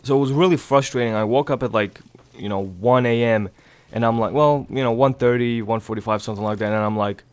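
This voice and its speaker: Hushed, stuffy-nosed young man. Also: a little fast, clear, resonant tone. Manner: hushed low voice to avoid waking others; rambling, many fillers, swears casually. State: stuffy nose from a cold. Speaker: gaming channel host. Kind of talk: casual gameplay commentary. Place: home, early morning.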